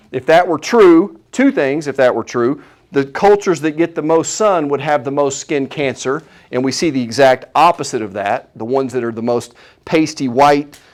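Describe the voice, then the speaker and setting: A man giving a live health seminar, opinionated and animated, asking the audience questions as he goes. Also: a little high. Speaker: chiropractor giving a health talk.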